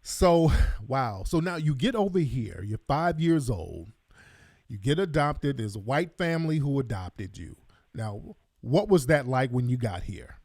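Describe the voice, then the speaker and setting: Man, radio host, interview, pointed interjections, mid pitch, dry close sound. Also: big pitch swings, a little slow, a little mellow, no echo. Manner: interjects with pointed historical comparisons. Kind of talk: interview talk.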